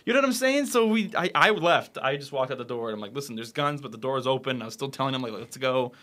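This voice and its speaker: A man telling a story as a podcast guest, acting out quoted lines with animated energy. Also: mid-range voice, fast.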